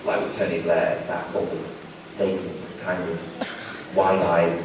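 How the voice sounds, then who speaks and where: A man from England answering questions at a fan convention, wry and rambling, full of restarts. His voice is low. It is picked up from a distance in a very echoey, noisy hall. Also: flat delivery, measured pace. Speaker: guest actor at a fan convention Q&A.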